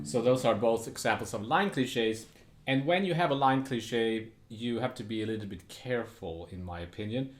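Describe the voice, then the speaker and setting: Relaxed man teaching jazz guitar. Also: medium pitch, moderate pace. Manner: relaxed, thinks aloud between playing examples. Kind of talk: casual spoken guitar lesson. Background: jazz guitar playing.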